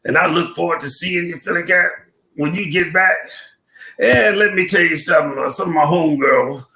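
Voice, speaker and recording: An older man hosting a live stream, chatting in slang, telling a comic story and giving shout-outs to his viewers. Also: fairly high pitch, normal speed, creaky, roomy sound. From Buffalo, New York.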